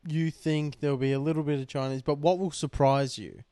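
A man's voice: fairly high pitch, fairly even intonation, fairly quick, dark tone, smooth, no room sound. A man co-hosting a podcast in casual chat, rambling with lots of "like" and the odd swear. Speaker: podcast co-host.

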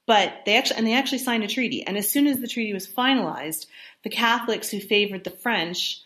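A woman's voice: mid-range voice, fast talker, a bit bright. A woman explaining history in a casual, conversational way, with fillers and self-corrections. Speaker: history presenter.

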